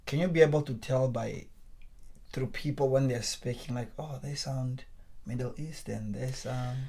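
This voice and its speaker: A man's voice: mid-range voice, moderate pace, vocal fry. A man hosting a podcast, joking playfully and poking fun at himself in casual conversation. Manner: playful, self-mocking jokes, gets excited. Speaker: podcast host. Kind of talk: casual chat.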